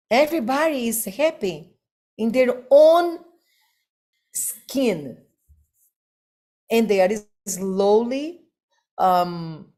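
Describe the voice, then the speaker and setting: Slow, emphatic woman giving a devotional class. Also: fairly high pitch. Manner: slow, emphatic, rhetorical questions, non-native phrasing. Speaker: spiritual teacher.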